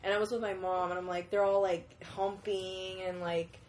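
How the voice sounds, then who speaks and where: A young woman chats casually at a middle pitch. She rambles through childhood memories, full of fillers and restarts, with a faint hiss in the recording. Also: little pitch movement, moderate pace, darkish tone. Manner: rambling, many fillers and self-corrections. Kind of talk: casual chat.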